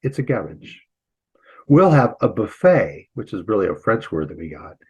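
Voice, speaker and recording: A man with a somewhat low, husky voice lectures through a computer mic on a video call. He explains step by step, patient and informal, with relaxed asides to his students. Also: fast, low-quality recording. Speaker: Greek instructor and pastor. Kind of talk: online lecture.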